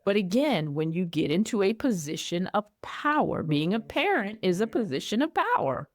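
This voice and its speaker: A middle-aged woman speaking candidly as an interview guest, telling personal stories in a lively way and acting out her own past reactions. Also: medium pitch, moderate pace, dry recording, clean studio sound. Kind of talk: candid conversational storytelling.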